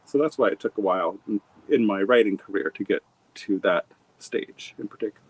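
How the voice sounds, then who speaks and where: A man's voice: lowish voice, a little fast, husky, rough recording. A middle-aged man from Montana, an author being interviewed, telling his story in a rambling, reflective way with many fillers and restarts. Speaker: author and guest. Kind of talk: conversational interview.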